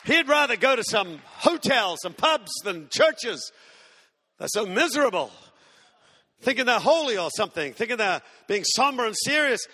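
A man's voice: very high-pitched, sing-song, normal speed, sharp tone, big-room sound, some chatter behind. An Australian man in his sixties, a pastor preaching a sermon with humorous stories and mimicked whiny voices. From Tasmania, Australia. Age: 60s.

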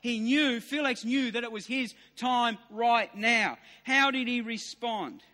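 A man in his fifties delivers a sermon in a very high, bright voice. He repeats his key lines with rising emphasis and sometimes pushes them to near shouts. The long reverb of a large hall trails every phrase. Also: slow. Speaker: preacher.

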